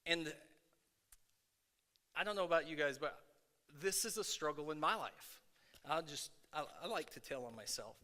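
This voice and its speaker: A middle-aged man preaching a sermon in a conversational way, with many fillers, going from quiet asides to shouting. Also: a little high, normal speed, long pauses. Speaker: pastor. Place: worship center. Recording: long hall reverb.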